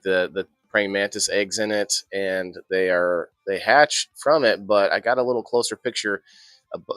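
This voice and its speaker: A man's voice: low-pitched, fairly bright tone, no echo, studio quality. A man hosting a casual indoor gardening live stream, chatting loosely with plenty of restarts. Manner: rambling, chatty, frequent restarts and laughs. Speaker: host of an indoor growing show.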